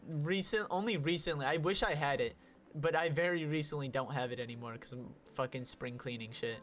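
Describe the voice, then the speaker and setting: A young man co-hosting a podcast, telling a story in a casual, animated way and swearing often. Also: fairly high pitch, a little fast, faint music behind. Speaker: podcast co-host.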